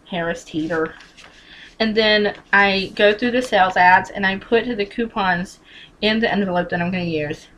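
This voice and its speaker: A woman's voice: mid-range voice, bright, forceful tone, rough recording. A woman vlogging a casual how-to on couponing, blunt and chatty, with mild swearing and lots of emphatic repetition, speaking straight to the viewer.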